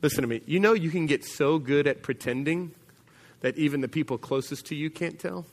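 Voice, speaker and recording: A pastor preaching a sermon in a church, telling a story conversationally and dropping to a quiet voice for emphasis. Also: male voice, on the high side, fairly quick, big-room sound.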